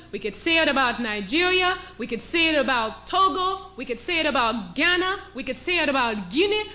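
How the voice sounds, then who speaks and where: A woman's high, bright voice rings forceful as she gives an impassioned public lecture, captured on a low-quality recording. She's emphatic, acting out scenarios and throwing out rhetorical questions.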